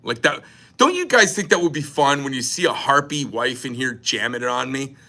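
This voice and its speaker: A man rambles and jokes in a crude, profane way. His voice is bright and forceful, at a middling pitch. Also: lively intonation, normal speed. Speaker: knife company owner. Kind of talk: casual crude livestream rant.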